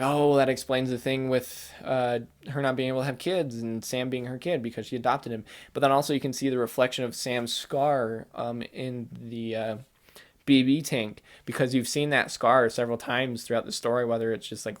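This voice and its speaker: Rambling, excitable man chatting casually. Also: mid-range voice. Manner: rambling and excitable, heavy use of "like" and "kinda". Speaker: gaming channel host. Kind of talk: casual spoiler chat about a video game.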